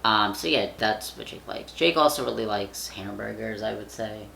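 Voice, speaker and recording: A man's voice: fairly low pitch, moderate pace, creaky, bright, forceful tone, a little hiss or hum. A young man vlogging in casual chat, rambling with lots of fillers and casual swearing. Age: young adult.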